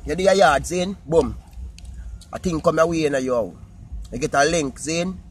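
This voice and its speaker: A man with a Jamaican accent talking casually to his viewers in patois, animated and repetitive. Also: fairly high pitch, moderate pace, a little hiss or hum. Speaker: vlogger. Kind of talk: casual talk to camera.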